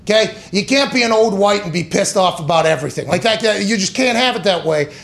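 A man hosting a sports talk podcast with a fairly high voice. He rants and builds his points with heavy sarcasm and swearing, and now and then he puts on mocking voices to make fun of the other side. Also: lively intonation, fast talker, gravelly, fairly bright tone. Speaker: podcast host. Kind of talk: sports talk show rant.

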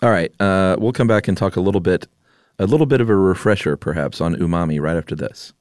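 A man co-hosting a podcast in casual chat, laid-back and quick to laugh. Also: sits low, a little mellow, no room sound, studio quality. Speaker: podcast co-host.

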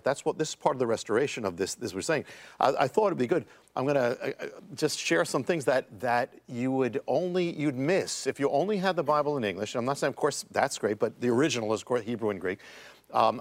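A man, a guest author, explaining Hebrew scripture words in conversation, halting with many restarts before building to emphatic points. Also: mid-range voice. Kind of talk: casual Bible teaching in conversation.

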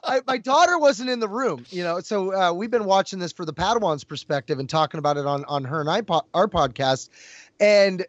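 A middle-aged man chatting excitedly on a podcast, acting out his reactions loudly. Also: high-pitched, brisk, slight background noise. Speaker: podcast co-host. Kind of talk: casual podcast chat. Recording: dull dry lo-fi audio.

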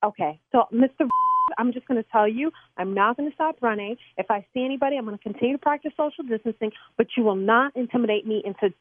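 Fast-talking woman on a tinny phone line. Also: fairly high pitch, no room sound. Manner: indignant, fast, swears when angry. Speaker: prank call target, mother. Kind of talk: heated phone argument. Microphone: telephone.

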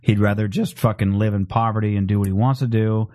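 A man's voice: lowish voice, steady tone, fast talker, mellow, no echo, clean studio sound. A man co-hosting a casual podcast who presses his point and repeats himself to drive it home. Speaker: podcast co-host. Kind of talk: casual chat.

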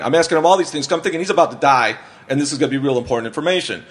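A man's voice: on the high side, very fast. A man guesting on a podcast, telling a wild story in a rambling, profane way and often laughing through it. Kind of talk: casual storytelling.

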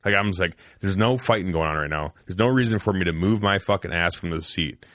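A man in his thirties, an army veteran and podcast host, telling a profane, animated story among friends. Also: deep voice, fast, no echo, studio quality. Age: 30s.

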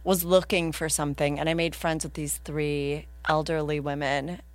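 A woman's voice: low-pitched, normal speed, no echo. Woman in her 30s, comic guest, casual self-mocking storyteller, dry close mic. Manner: lively, laughing, self-mocking. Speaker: comedian guest.

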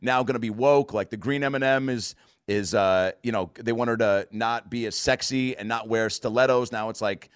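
An American man in his thirties, rambling in a profane, animated way through a casual podcast chat. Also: medium pitch, moderate pace, smooth, dry recording, studio quality. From United States.

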